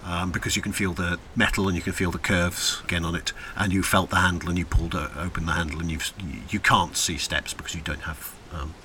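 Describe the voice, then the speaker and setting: A man running a tabletop role-playing game, setting each scene in an unhurried, descriptive way. His voice is bright and a little lower than most, and a faint hiss of noise sits under the recording. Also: level tone. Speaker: game master.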